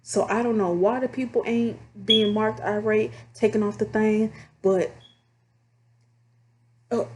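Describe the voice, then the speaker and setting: A woman casually telling stories about her phone job to her viewers, chatty and animated. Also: mid-range voice, unhurried, long pauses. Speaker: vlogger telling call-center stories. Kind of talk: casual storytelling to camera.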